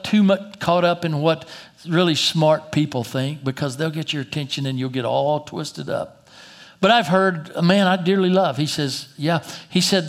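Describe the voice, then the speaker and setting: A man preaching a sermon in a folksy, emphatic way, slowing down for dramatic pauses. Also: mid-range voice.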